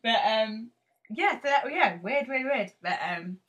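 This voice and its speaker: A woman's voice: a little high, expressive, unhurried, fairly bright tone. A young woman, an actress, chatting casually in an interview, rambling and self-mocking with many fillers and restarts. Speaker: actress guest.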